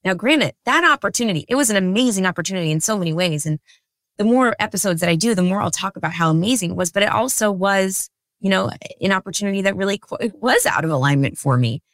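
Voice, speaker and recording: A woman in her thirties hosting a podcast, telling a story about herself in a chatty, animated, self-deprecating way. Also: medium pitch, quick pace, no room sound. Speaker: podcast host. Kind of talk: casual storytelling monologue.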